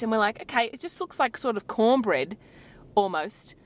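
A woman's voice: medium pitch, lively intonation, fairly quick. An Australian woman co-hosting a podcast, chatting casually and animatedly about a trip, gushing over food and teasing her partner. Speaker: podcast co-host. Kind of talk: casual travel chat.

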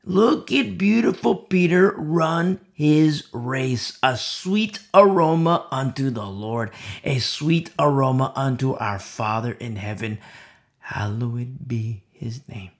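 A male preacher gives a dramatic sermon with a gravelly, creaky voice. His pitch leaps around widely as he swings from loud declarations to hushed whispers. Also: expressive, slow.

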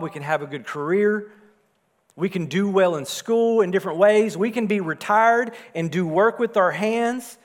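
A man preaching a sermon, swelling louder on his points and dropping soft and low on key phrases. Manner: rises in volume for emphasis, drops low and soft on key phrases. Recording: long hall reverb.

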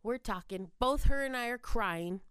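Woman cohost telling a story, animated, smooth voice, kinda high, dry close sound. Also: moderate pace, dry recording. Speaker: podcast co-host. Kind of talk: casual chat.

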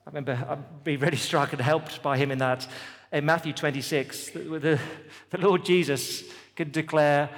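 A man's voice: fairly high pitch, steady tone, moderate pace, big-room sound. A man preaching a sermon at a festival, with an emphatic, repetitive cadence. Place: festival venue.

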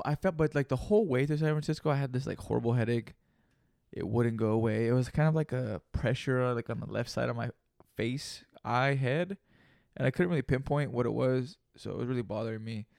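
Young guy, solo podcast host, gravelly rasp, dry close sound, loose profane rambling with jokey asides. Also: mid-range voice, darkish tone, dry recording. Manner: profane, rambling and joking, with playful repeated asides. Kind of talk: casual solo podcast monologue.

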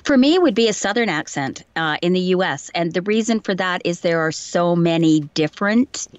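A woman's voice: on the low side, lively intonation, brisk, no echo, muffled recording. A woman voice actor chatting in an interview, telling anecdotes and laughing easily. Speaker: voice actor guest. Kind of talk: casual interview chat.

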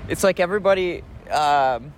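A man's voice: fairly high pitch, moderate pace, a little hiss or hum. Laid-back man musing outdoors. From United States. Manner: relaxed and reflective, rambling with restarts and soft chuckles. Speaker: podcast host. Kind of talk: casual spoken travel diary.

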